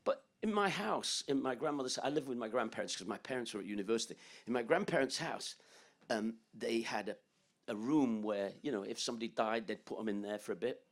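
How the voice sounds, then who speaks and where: A man's voice: medium pitch, expressive, fairly quick. An older man from England, a musician telling rambling, joking stories in an interview, laughing often. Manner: rambling, joking, laughs often, breaks into song and quoted voices. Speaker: guest musician. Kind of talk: storytelling interview.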